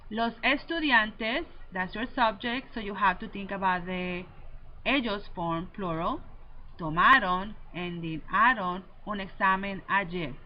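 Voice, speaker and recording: A woman Spanish teacher giving a recorded lesson, slowly and deliberately drilling verb endings. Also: medium pitch. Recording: slightly dull lo-fi audio with faint noise.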